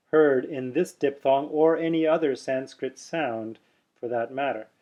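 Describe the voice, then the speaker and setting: A man teaching pronunciation, patiently explaining and slowly sounding out vowels over and over. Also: medium pitch, a little mellow, dull audio. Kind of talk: instructional explanation.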